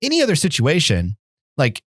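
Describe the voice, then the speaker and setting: A man's voice: a little high, wildly swooping pitch, moderate pace, breathy edge, no echo. Rambling storyteller man, dry close sound. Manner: rambling anecdote full of "like" and "um". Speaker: podcast co-host. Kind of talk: casual storytelling chat.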